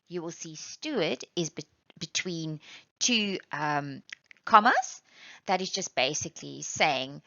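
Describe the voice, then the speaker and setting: Bright-voiced woman teaching punctuation. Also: on the low side, very animated, dry recording. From South Africa. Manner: patient, explains step by step, reads examples aloud slowly. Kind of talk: classroom lesson. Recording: dull, lo-fi sound.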